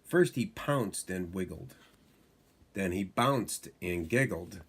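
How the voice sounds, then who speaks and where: Slow, low-voiced dad reading a bedtime story. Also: male voice, animated, husky. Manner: slow, unhurried reading aloud. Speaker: father reading to his son.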